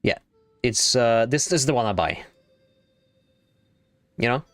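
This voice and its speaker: Animated young man chatting on stream. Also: medium pitch, normal speed, dry recording, soft background music. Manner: rambling, excitable, swears freely. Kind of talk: casual gaming stream chat.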